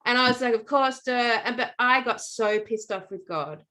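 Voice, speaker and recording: Middle-aged Australian woman, casual storyteller, fairly high voice, fillers and restarts. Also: moderate pace. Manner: animated, rambling, many fillers and restarts. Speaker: podcast co-host.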